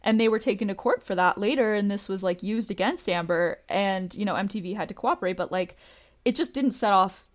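A woman's voice: medium pitch, a little fast. A woman hosting a podcast, casually recapping a reality show, talking with lots of "like" and quoting scenes. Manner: chatty, recounts scenes with quoted lines, frequent "like". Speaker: podcast host.

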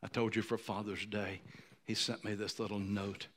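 A man in his sixties preaching a sermon, moved to tears, who swings from ringing high declarations down to hushed near-whispers. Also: little pitch movement, normal speed, slight background noise. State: emotional, choked up. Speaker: pastor.

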